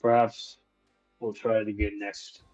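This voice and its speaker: A man's voice: on the low side, little pitch movement, unhurried, a little mellow, highs cut off, soft background music. A man playing a tabletop game, hesitant and thinking aloud as he decides. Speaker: player.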